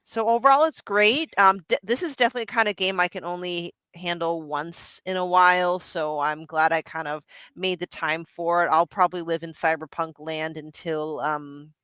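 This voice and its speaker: A middle-aged woman in casual podcast chat, bright and forceful in tone with a smooth, clear voice. She talks in an animated, chatty way, restarting sentences and laughing. The mic is close and dry. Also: lowish voice, normal speed, hardly any pauses, dry recording. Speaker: podcast co-host.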